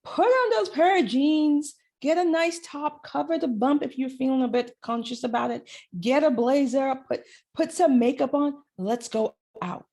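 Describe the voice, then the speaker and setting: A woman voicing her encouraging female inner wise woman, reassuring and upbeat, in a mellow, husky voice. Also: medium pitch, animated, a little slow.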